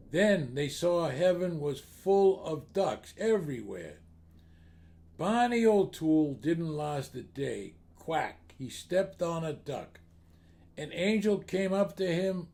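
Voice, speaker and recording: A man's voice: on the high side, vocal fry, dark tone. A man telling jokes in a storytelling manner, steadily building up to each punchline. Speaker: joke teller. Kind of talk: comedic joke telling.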